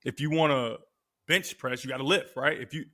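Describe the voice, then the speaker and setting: A man in his thirties, a podcast guest and former quarterback, telling stories in a casual, slangy, animated way. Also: medium pitch, a little fast. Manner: animated, slangy storyteller who acts out quotes. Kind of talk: casual storytelling.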